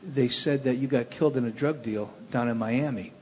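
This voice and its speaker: A man's voice: medium pitch, normal speed, slight background noise. Man telling a story in a roomy hall. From Cleveland area. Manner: plainspoken, animated storytelling with restarts. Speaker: speaker telling his testimony. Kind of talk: personal testimony storytelling.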